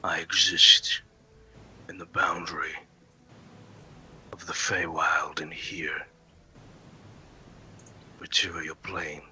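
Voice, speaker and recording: A man voicing an ancient, bitter male fey lord in a hushed, halting whispered role-play. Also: low voice, level tone, slightly rough, voice pushed down, heavily acted. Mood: grave.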